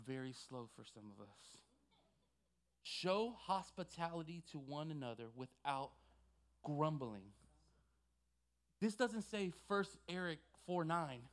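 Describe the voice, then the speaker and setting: A male pastor preaching a sermon with passion, swinging from quiet asides to loud, emphatic exhortation. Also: a little high.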